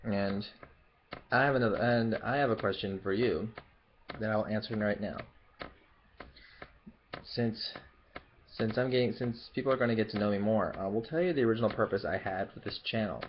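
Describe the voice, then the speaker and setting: The audio is lo-fi with slight background noise as a Memphis YouTuber, a young adult lacking any regional accent, chats in a fairly low voice at a moderate pace, pausing often. His casual Q&A vlog rambles, with plenty of fillers and restarts.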